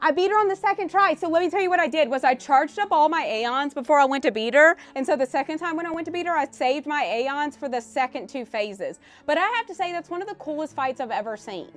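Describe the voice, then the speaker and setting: High, animated woman streamer. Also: fast, few pauses, faint music behind. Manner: animated storyteller, voice swings loud and soft. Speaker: game streamer. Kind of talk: casual live-stream chat.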